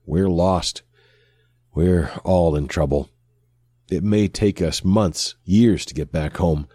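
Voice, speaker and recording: A man playing a weary human crewman who talks in a brisk, anxious way. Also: low-pitched, warm tone, slightly rough, dry recording, studio quality, full character voice. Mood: worried.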